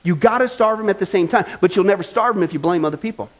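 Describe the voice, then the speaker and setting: Folksy pastor guy, high voice, repeats stuff for emphasis. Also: fast. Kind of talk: sermon.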